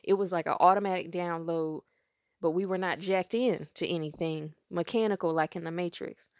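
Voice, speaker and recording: A woman's voice: lowish voice, moderate pace, dry recording, studio quality. A congested woman, telling a spiritual story in a loose, rambling, conversational way as a podcast host.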